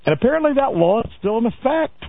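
This talk radio news host is a man with a very high-pitched yet rough, gravelly voice who talks fast with big pitch swings. He stumbles over fillers, restarts his sentences, and drops wry asides, all sounding thin and boxy as if over a phone line.

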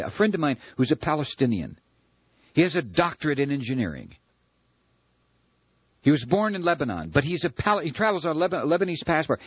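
A man's voice: fairly high pitch, slightly rough, dry recording, muffled recording. A man hosting a radio talk show, ranting in a furious political monologue, stammering and repeating words.

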